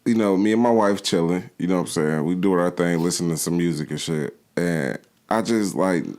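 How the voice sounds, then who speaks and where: A man's voice: low-pitched, fairly quick, darkish tone. A man co-hosting a podcast, talking in laid-back, slangy banter full of profanity. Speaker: podcast co-host. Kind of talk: casual chat.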